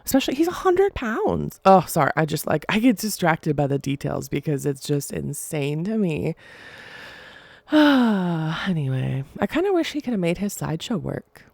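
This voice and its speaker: A young woman rambles through a casual solo podcast, chatty and giggly. Her voice sits low with a gravelly fry and a mellow, dark tone. The sound is dry and close. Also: big pitch swings, normal speed, no room sound. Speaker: podcast host.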